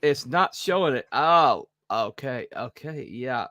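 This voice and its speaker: A man's voice: medium pitch, lively intonation, slow, sharp tone, no room sound, studio quality. A man from the South, co-hosting a podcast in casual chat, rambling with lots of fillers and joking asides. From Southern United States. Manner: rambling, self-mocking, full of fillers and asides. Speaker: podcast co-host.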